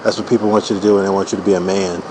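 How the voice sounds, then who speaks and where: A man's voice: deep voice, flat delivery, rapid-fire, noisy background. A man in his forties riffing through a loose, profane comedic monologue while he draws cartoons, full of "you know" fillers. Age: 40s. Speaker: streamer drawing cartoons.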